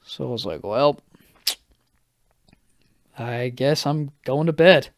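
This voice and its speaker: A young man hosting a solo podcast, telling a story in a casual, rambling, profane way, a little hoarse and stopping often to correct himself. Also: mid-range voice, slow, no echo, clean studio sound. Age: young adult. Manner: rambling, profane, self-interrupting. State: slightly hoarse. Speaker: podcast host.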